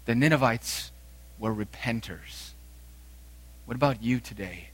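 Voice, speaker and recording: A man preaching a sermon, swinging between loud emphatic declarations and quiet, low phrases. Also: a little slow.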